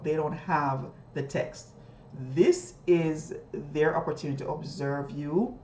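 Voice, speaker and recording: A woman teacher explaining a reading lesson, often jumping high in pitch as she models questions to students. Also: a little mellow, a little hiss or hum. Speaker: teacher trainer. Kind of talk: instructional talk modeling a classroom lesson. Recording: echoey room.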